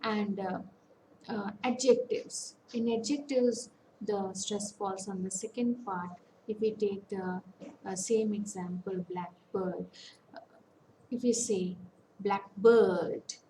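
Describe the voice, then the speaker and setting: A woman's voice: mid-range voice, mellow, a little hiss or hum, poor audio. Methodical Indian woman teaching a lecture. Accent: Indian English. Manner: methodical, repeats each example word slowly. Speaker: academic counsellor teaching English. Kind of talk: online lecture on English stress.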